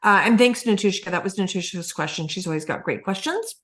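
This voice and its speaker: A woman's voice: medium pitch, lively intonation, a little fast, a bit bright. A woman hosting a webinar, appreciative as she reads out attendee questions. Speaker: webinar host.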